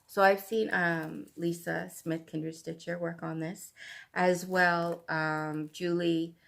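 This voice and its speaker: Canadian lady rambling about her stitching stuff, lowish gravelly voice, takes her time. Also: little pitch movement, slow pace. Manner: chatty and rambling, with fillers and asides. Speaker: cross-stitch vlogger. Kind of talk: casual chat.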